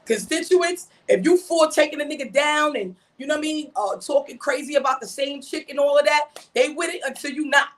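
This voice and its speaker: A woman with a high voice talks in a casual podcast chat. She is emphatic and full of street slang, and she keeps circling back with "you know what I mean". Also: fairly quick, few pauses. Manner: animated, emphatic storytelling. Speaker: mother and podcast guest.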